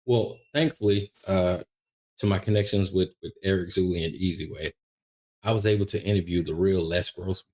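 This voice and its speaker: A middle-aged man, a veteran and media producer, telling a lively story as a podcast guest, often restarting his sentences as he goes. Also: low-pitched, moderate pace. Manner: animated, lively anecdote telling with frequent restarts. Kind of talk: casual storytelling in an interview.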